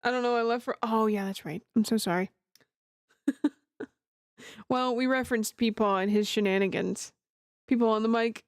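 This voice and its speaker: A woman's voice: mid-range voice, steady tone, moderate pace, dry recording, studio quality. A woman streamer chatting casually and giggling often while playing a game. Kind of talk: casual let's play commentary.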